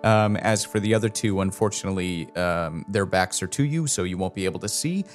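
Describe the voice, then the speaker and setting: A man's voice: low-pitched, a little fast, soft background music. A man running a tabletop game as game master, narrating in a casual, descriptive way with fillers.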